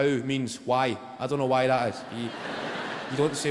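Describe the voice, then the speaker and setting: A man with a Glaswegian Scottish accent performing a stand-up comedy routine, telling dry stories that break into shouted impressions. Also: mid-range voice, moderate pace. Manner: deadpan storytelling that bursts into shouted impressions. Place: large theatre stage. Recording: live theatre with long reverb, audience noise. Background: audience laughter.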